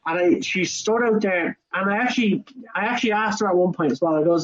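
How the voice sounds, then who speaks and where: A young Irish man on a casual podcast, telling a work story in an animated way and acting out both sides in quoted voices. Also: high-pitched, fast, lo-fi sound. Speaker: podcast co-host. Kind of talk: casual chat.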